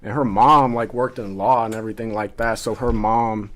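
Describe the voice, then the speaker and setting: A young man with a voice pitched slightly low. He tells his story in a loose, laid-back podcast chat. Swearing comes easily in his casual speech. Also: fairly even intonation, normal speed. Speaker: guest.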